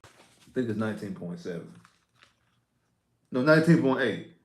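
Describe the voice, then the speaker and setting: A man hosting a casual postgame sports livestream, excitable and prone to repeating himself and stumbling over words. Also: on the low side, moderate pace.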